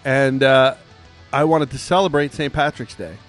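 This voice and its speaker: A man's voice: mid-range voice, steady tone, normal speed, faint music behind. A man hosting a podcast, chatting casually in a rambling, joking way with plenty of fillers. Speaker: podcast host. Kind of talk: casual chat.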